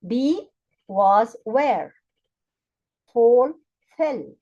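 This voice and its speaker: A woman with an Arabic accent teaches English grammar at a very slow, careful pace, spelling out letters and repeating each example. Her voice is fairly high and mellow, with lively ups and downs in pitch. The recording sounds a little dull and muffled. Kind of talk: slow, deliberate grammar lesson for learners.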